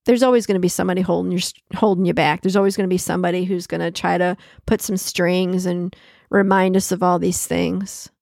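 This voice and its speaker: A woman's voice: fairly low pitch, fairly even intonation, fairly quick, vocal fry, darkish tone, dry recording, clean studio sound. A woman hosting a solo podcast, talking in a conversational way, repeating key phrases for emphasis and laughing often. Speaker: podcast host.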